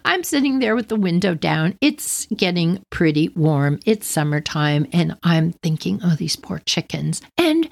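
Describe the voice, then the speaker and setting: A woman hosting a podcast, telling a personal story in a casual, animated way, laughing often and acting out the other people's voices. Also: lowish voice, measured pace, gravelly, hardly any pauses. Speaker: podcast host.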